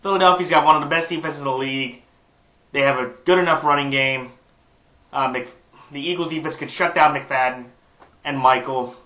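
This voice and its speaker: A man's voice: a little high, steady tone, fairly quick, bright, forceful tone. Stuffy-nosed man in an echoey room. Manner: rambling, with frequent fillers and restarts. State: stuffed-up nose. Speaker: sports picks YouTuber. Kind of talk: casual sports prediction monologue.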